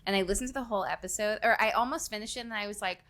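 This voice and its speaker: A woman co-hosting a horror podcast, telling stories in animated casual chat with lots of "like"s. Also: mid-range voice, racing. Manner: animated storytelling, many "like"s. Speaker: podcast co-host.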